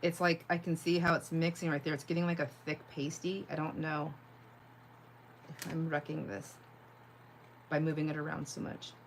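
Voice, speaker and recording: A woman's voice: sits low, flat delivery, moderate pace, long pauses, a little hiss or hum. A woman hosting a casual crafting livestream, chatting as she works, often laughing and answering viewers' comments. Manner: rambling and chatty, heavy on "like", laughs easily; reads viewer comments aloud and answers them.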